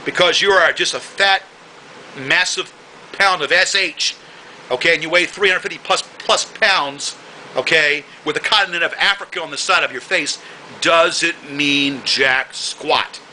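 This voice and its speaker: A man delivering an angry ranting monologue to the camera, combative and insulting, repeating himself and slowing down to hammer his points. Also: fairly high pitch, pushed and bright, slight background noise, low-quality recording. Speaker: video blogger.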